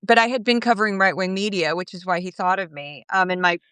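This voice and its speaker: A woman guest in a casual interview, her voice smooth and clear in a dry, close-miked sound. She tells her stories with animation and slips into other people's voices when she quotes them. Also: mid-range voice, steady tone, quick pace, fairly bright tone, no echo. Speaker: guest commentator.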